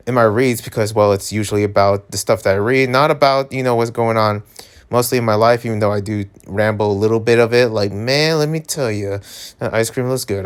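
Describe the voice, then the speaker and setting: A man's voice: mid-range voice, clean tone. A young man talking casually in a rambling, filler-heavy vlog monologue. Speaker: vlogger.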